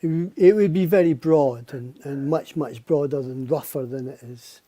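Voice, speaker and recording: A man's voice: fairly high pitch, normal speed, crowd noise. A Scottish man, a guest poet, chatting on a video call. He chuckles often and repeats words as he thinks. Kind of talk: casual chat on a live stream.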